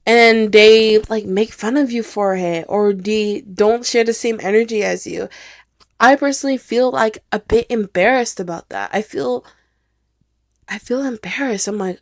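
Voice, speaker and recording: A woman's voice: mid-range voice, unhurried. A young adult woman hosts her own candid podcast, thinking aloud rather than reading from anything. Her mid-range voice wanders through fillers and restarts, with casual swearing. The sound is dry and close, with no room echo. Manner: rambling, filler-heavy, swears freely. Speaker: podcast host.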